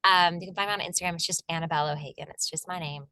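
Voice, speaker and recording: A woman's voice: on the low side, fairly even intonation, rapid-fire, pushed and bright, no echo. A young woman from Virginia, an actor, chatting casually as an interview guest, laughing often and acting out little quoted voices. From Virginia, USA.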